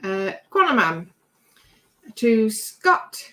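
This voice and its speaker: A British woman with a slightly raised pitch hosts a relaxed livestream from her craft bench. She reads out viewer comments and chats on in a rambling way, laughing easily. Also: extremely slow. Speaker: livestream host. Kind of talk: casual chat reading viewer comments.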